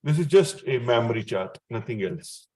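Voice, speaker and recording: An Indian man gives a chemistry lesson at a mid pitch. He explains terms slowly and in steps, and he often stops to check that the student is following. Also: expressive, darkish tone. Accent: Indian English. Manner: checks in with the student often, chuckles at his own remarks. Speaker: chemistry teacher. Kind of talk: explanatory classroom lecture.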